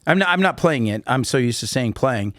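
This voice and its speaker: Animated man telling rambling stories. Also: medium pitch, a little fast, dry recording, clean studio sound. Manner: rambling, animated anecdotes with many fillers. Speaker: podcast guest. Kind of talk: casual storytelling interview.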